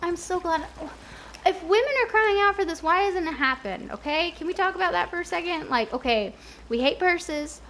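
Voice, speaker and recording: A woman's voice: extremely high pitch, expressive, moderate pace, fairly bright tone. A young woman in her twenties chatting casually with her viewers while playing a game, rambling from topic to topic. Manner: chatty, rambling, talks to chat. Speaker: game streamer. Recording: noisy stream audio.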